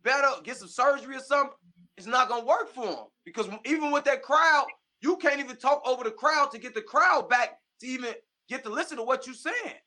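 High, bright man arguing casually. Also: fairly quick. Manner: argumentative, laid-back slang. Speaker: podcast co-host. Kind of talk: casual battle rap chat.

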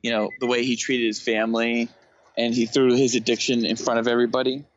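A man's voice: mid-range voice, little pitch movement, a little fast. A man co-hosting a podcast, chatting casually about a film, agreeable and jokey, with frequent laughs. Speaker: podcast co-host. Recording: dry, dull lo-fi mic.

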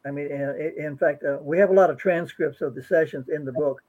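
An earnest man with a slightly high voice recounts his experience, repeating words as he gathers his thoughts. He comes through a thin, tinny, phone-like line. He speaks as an interview guest and co-author. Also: fairly quick. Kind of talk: interview storytelling.

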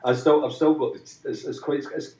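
A man's voice: mid-range voice, fairly even intonation, fairly quick, darkish tone. A musician guest in a chatty interview, telling long anecdotes with many restarts and acting out the voices of people he quotes. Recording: roomy, distant, dull sound.

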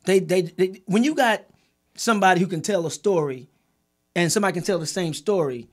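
A man's voice: high voice, a little fast. A man who created and executive-produced a documentary, telling a heated story in a group conversation. He talks emphatically, repeats and restarts words, and swears freely.

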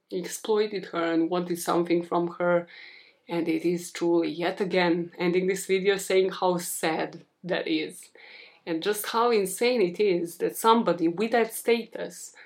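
A young woman talks through a true-crime case in a casual, chatty monologue. Her voice sits slightly low, and she rambles, throwing in self-deprecating remarks to her listeners. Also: a little mellow. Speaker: true-crime podcast host.

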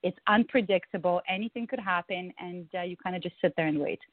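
A woman's voice: on the low side, fast talker, dry recording. A woman from Ukraine, a guest on a video call, chatting candidly and laughing often. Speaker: guest, branding agency co-founder. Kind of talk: casual interview chat. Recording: dry phone-like audio.

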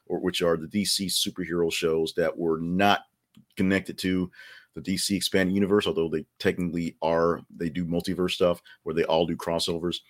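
Male podcast host, low voice, loose chatty news commentary with digressions. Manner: rambling, many fillers, joking asides.

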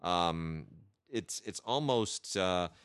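A man hosts a casual chat about films, keen and full of hesitations. His low voice is bright and resonant. The recording is dry and close. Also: expressive, extremely slow, clear, resonant tone, dry recording. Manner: enthusiastic, with many hesitations and restarts. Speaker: podcast host reviewing film releases.

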